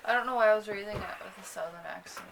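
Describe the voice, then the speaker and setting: A woman's voice: mid-range voice, very fast, gravelly, crowd noise. A woman co-hosting a casual chat, joking and making self-deprecating asides. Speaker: co-host. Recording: off-mic with faint room noise.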